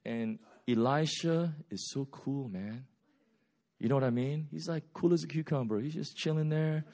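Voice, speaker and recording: A man preaching a sermon, retelling Bible stories with lively voices for the characters and swinging between loud bursts and quiet, slow passages. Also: on the high side. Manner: animated storytelling, acts out biblical characters' voices.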